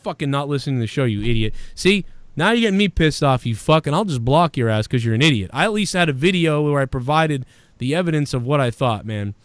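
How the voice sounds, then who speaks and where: A man's voice: medium pitch, animated, quick pace, no room sound. A man hosting a show, ranting casually with profane, combative, mocking insults aimed at a critic. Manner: sarcastic, mocking. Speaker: show host reading viewer donations. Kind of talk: casual livestream rant.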